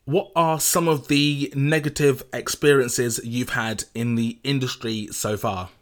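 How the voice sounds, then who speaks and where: A man's voice: mid-range voice, steady tone, unhurried. A man interviewing a guest, asking plain, direct questions.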